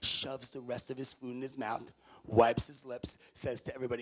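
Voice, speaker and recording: Before an audience of students in a large hall, a New York City motivational speaker with a mid-range voice tells a story at normal speed, bringing it to life by voicing each character.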